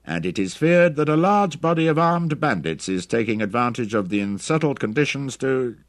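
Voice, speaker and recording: A man's voice: medium pitch, expressive, moderate pace, dry recording, studio quality, voice pushed up, natural voice. A man voicing a radio news announcer who reads a bulletin in a formal, clipped delivery. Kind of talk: audiobook reading.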